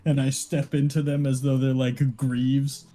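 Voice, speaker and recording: A man's voice: mid-range voice, flat delivery, a little slow, dark tone. A young man playing a tabletop game, laid-back and giggly as he describes his character. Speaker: player.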